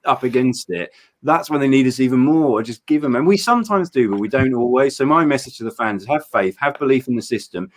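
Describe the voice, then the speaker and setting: A man's voice: mid-range voice, lively intonation, a little fast. A man, a coach appearing as a guest on a livestream, speaking earnestly and passionately to fans. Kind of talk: casual livestream chat.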